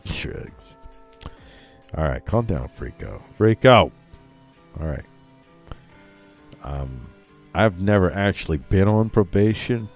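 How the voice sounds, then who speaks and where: A man's voice: low-pitched, dark tone, breathy edge. A man hosting a casual comedy news show, reading stories aloud and breaking off into rambling jokey asides and talking to himself. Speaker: podcast host reading news.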